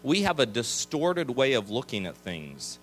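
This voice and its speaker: A man preaching as a pastor, lively, with quick asides and acted-out complaining voices. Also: medium pitch, soft background music. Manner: animated, acts out grumbling voices. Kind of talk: sermon. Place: chapel.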